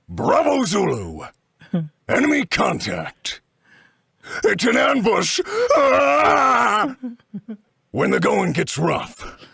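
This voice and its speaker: Gravelly military dog commander. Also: male voice, sits high, bright, forceful tone, dry recording, studio quality, exaggerated voice. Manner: barking orders.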